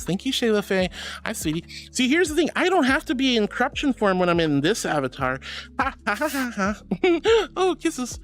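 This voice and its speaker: A man streaming as a VTuber, reading chat messages aloud and answering viewers affectionately, calling them sweetie and honey. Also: sits high. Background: faint background music.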